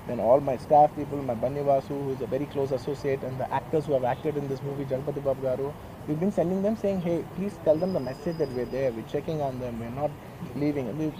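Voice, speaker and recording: A man, speaking in a fast, pleading rush with a fairly high voice. He sounds emotional and earnest and keeps repeating phrases. Loud traffic noise comes from outside. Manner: earnest, pleading, repeats himself, switches into Telugu. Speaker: film actor at a press meet. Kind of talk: emotional press statement.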